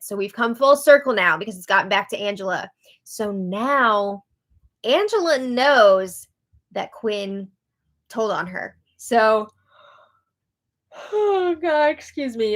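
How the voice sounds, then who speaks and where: A woman's voice: mid-range voice, a bit bright. A woman hosting a casual live recap of a reality show, talking in a chatty way with frequent "like".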